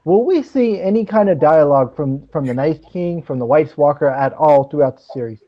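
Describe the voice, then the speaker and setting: A man guesting on a casual live podcast chat, excitable and earnest, laughing easily. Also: a little high, fairly quick, lo-fi sound.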